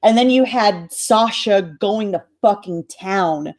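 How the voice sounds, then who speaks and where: A woman's voice: medium pitch, takes it slowly, a little mellow. A woman co-hosting a casual podcast chat, exasperated and swearing freely. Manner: exasperated, profane. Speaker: podcast co-host.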